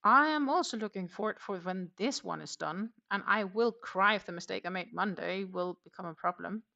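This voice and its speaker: Gravelly-voiced woman chatting while crocheting. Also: medium pitch, moderate pace, sharp tone, dull audio. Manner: chatty, rambling, reads viewer comments aloud. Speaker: crochet livestream host. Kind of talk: casual chat while crocheting.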